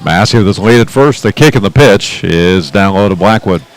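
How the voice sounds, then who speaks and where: Man, baseball play-by-play, radio broadcast, lower voice, chatty asides. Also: expressive, moderate pace, low-quality recording. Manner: chatty, riffs on trivia between pitches. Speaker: play-by-play announcer.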